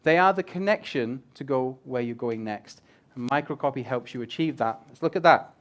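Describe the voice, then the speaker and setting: A man's voice: mid-range voice, moderate pace. A man giving a casual, joking presentation on user experience design to a live audience, swearing now and then. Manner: animated, swears casually, jokes with the crowd. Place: event room with a live audience.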